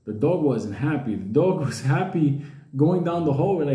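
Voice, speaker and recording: A man telling a comedic story in a rambling, casual way, laughing at his own jokes and putting on high voices for the characters. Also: normal speed, dark tone, roomy sound, dull audio.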